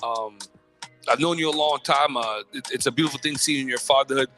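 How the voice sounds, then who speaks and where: A man's voice: medium pitch, soft background music. A man hosting a morning radio show, chatting casually and animatedly with guests. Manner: animated, quick banter with restarts.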